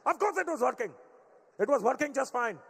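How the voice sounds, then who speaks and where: A man's voice: high voice, expressive, normal speed. A man voicing his indignant older immigrant father with a thick Indian accent, stubbornly insisting he is right. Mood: defensive. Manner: stubborn, huffy, pedantic insistence. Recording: live stage in reverberant hall.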